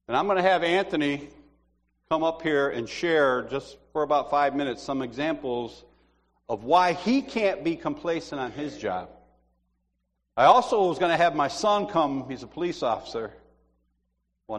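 Chatty man preaching in a reverberant hall. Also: medium pitch. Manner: chatty, animated storytelling with laughs. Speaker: church teacher. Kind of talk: informal sermon.

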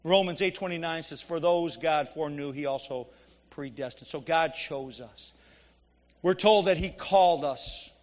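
A man preaching a sermon, reading scripture and explaining it conversationally, his voice swinging from loud emphatic peaks to quiet asides. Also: on the high side, moderate pace. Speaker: pastor. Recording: long hall reverb.

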